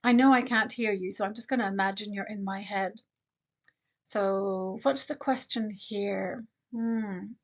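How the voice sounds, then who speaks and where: A woman teaching an English grammar lesson, slowly modeling example sentences and asking the learner quick questions. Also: mid-range voice, steady tone, muffled recording.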